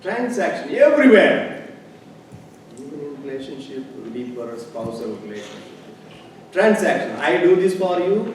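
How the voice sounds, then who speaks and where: A male pastor preaching in a reverberant church sanctuary, caught from a distant microphone with audible noise underneath. His voice sits a little high, and he moves between hushed storytelling and loud, emphatic declarations. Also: big pitch swings, normal speed. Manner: conversational preaching, swings from quiet storytelling to loud emphatic passages. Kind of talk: sermon.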